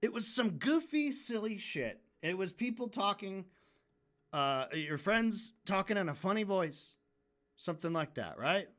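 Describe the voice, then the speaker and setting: Unhurried yet very animated, a man with a high-pitched, slightly bright voice chats candidly during a drawing livestream. The rant is casual and full of swearing, and he often starts sentences over.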